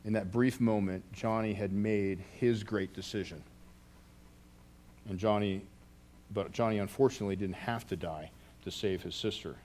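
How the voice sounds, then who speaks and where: A man's voice: on the low side, steady tone, moderate pace, darkish tone, slight background noise. A man preaching a sermon as a pastor, telling a story earnestly and often restarting his phrases.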